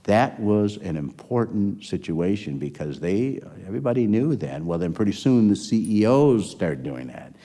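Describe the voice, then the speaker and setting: An older former health system executive tells a lengthy, anecdotal story in an interview, playing out the quoted lines. His fairly low voice is mellow and sing-song, at normal speed with few pauses.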